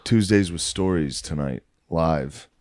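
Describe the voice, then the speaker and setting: A man's voice: very deep voice, slow pace, darkish tone, no room sound, clean studio sound. A man co-hosting a podcast, telling stories in casual banter and laughing through his impressions. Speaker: podcast co-host.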